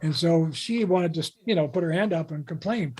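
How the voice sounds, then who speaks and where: A man's voice: on the high side, normal speed, a little mellow, husky. An older man from Canada, a guest author in an interview, telling long anecdotes in a rambling way with restarts. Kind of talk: casual interview talk.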